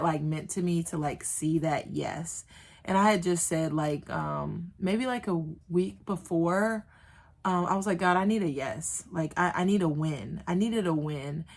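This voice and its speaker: A woman talks to camera in a chatty small business vlog, sitting on the floor at home. Her voice sits a little low, and she rambles with plenty of fillers and restarts. She sounds casual and animated. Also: creaky. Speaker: small business owner vlogging.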